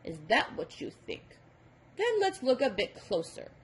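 A bossy male number devil from a storybook, teasing and quizzing in a lively, sing-song voice, as a woman reader puts him on. He talks in a brisk, coaxing way and sits a little high in pitch. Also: slight background noise.

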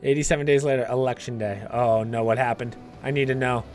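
A man giving casual gameplay commentary as a streamer, excitable, swearing now and then and talking to his viewers. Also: mid-range voice, fast talker, faint music behind. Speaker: gaming streamer.

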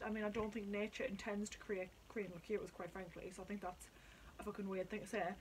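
A woman chatting excitably at home in a casual vlog, sweary and talkative. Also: mid-range voice, normal speed, pauses often, a little hiss or hum, poor audio. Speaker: vlogger reviewing drinks. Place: at home indoors.

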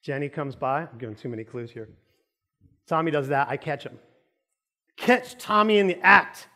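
A man's voice: on the high side, expressive, moderate pace, sharp tone. A man preaching a sermon in a church, telling a joking story with lots of energy. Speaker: pastor. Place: church auditorium.

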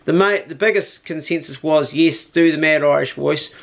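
Gravelly, chatty man. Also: on the high side, moderate pace. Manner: chatty, easygoing, slangy. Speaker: hunting vlogger. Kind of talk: casual vlog chat. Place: outdoors on a farm, then indoors by candlelight.

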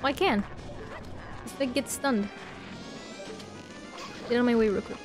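A woman's voice: fairly high pitch, a little slow, music in the background. A woman casually commenting on her own gameplay, chatting back at the characters on screen. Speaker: let's play host.

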